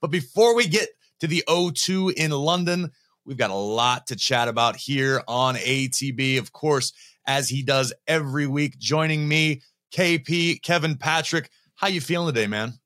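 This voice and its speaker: A man's voice: fairly high pitch, moderate pace, fairly bright tone. A man hosting a podcast, teasing his co-host in casual banter. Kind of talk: casual chat.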